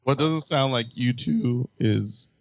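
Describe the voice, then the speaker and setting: A man's voice: medium pitch, slow, no room sound. A man hosting a casual movie chat podcast, teasing and laughing often. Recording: dull lo-fi sound.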